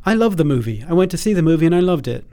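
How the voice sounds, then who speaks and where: A cheery British actor type who gushes with breezy, mock-posh delight, as an American-sounding podcast host puts on a generic accent. The voice sits fairly high for a man. A man acts him out at a brisk clip. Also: very animated, dark tone. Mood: gushing. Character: adult male British actor, breezy and pleased.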